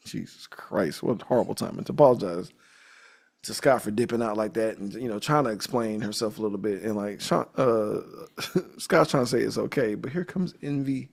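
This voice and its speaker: A man co-hosting a casual movie podcast, retelling scenes in a loose, profane, animated way and breaking into laughter. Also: lowish voice, moderate pace, gravelly. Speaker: podcast co-host.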